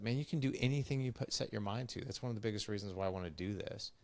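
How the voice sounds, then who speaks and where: Deep gravelly-voiced man in his forties. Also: racing, a little mellow. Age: 40s. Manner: emphatic, speaks directly and repeats himself. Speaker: podcast guest. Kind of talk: direct conversational talk.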